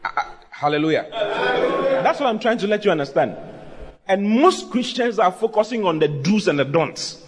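A man's voice: high voice, normal speed. A pastor preaching a sermon, asking his listeners questions and acting out quoted voices. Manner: animated preaching with acted quotes, asks the congregation questions.

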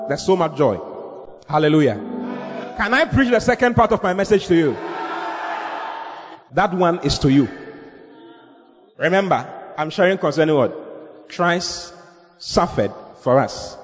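A man pastoring a church service, preaching a sermon and leading the congregation in call-and-response. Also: a little high. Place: church hall. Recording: long hall reverb with faint music.

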